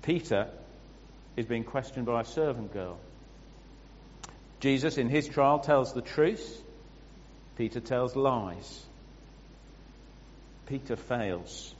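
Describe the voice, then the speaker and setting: A man's voice: medium pitch, animated, slight background noise. Man preaching in an echoing hall. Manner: explaining scripture with pauses and restarts. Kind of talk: sermon. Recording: muffled sound with long hall reverb.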